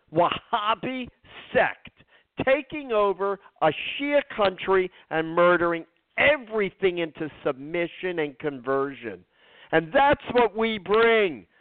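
A man's voice: high voice, no room sound. A man delivering a blunt, profane, heated political rant as a show co-host. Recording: tinny phone-like dry sound.

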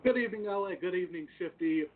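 A man's voice: fast, far from the mic. A man calling in as a guest, upbeat and chatty, sometimes breaking into a few sung words. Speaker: guest caller. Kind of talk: casual call-in chat. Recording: phone line with faint rumble.

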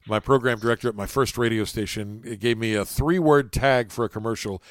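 A man's voice: mid-range voice, brisk, dry recording, clean studio sound. A man from southern West Virginia hosting an interview podcast with a friendly, courteous broadcaster delivery. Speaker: podcast host.

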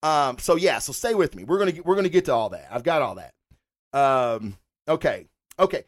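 A fan-show host rambles through a casual livestream, answering viewers in chat as he goes. The talk is animated and full of swearing, and the pitch swings up and down with energy. The sound is close and dry. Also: fairly quick, no echo.

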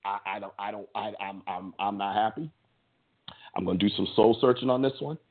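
A man's voice: on the low side, steady tone, brisk. Heated man ranting over tinny audio. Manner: heated, emphatic, stammers on restarts. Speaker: sports podcast co-host. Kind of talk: impassioned opinion rant.

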